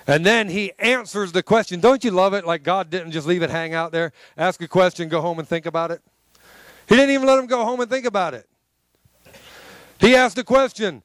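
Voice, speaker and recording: A man's voice: high-pitched, normal speed, smooth, dry recording. A man preaching a sermon to a congregation, emphatic and conversational, calling out for responses. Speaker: pastor.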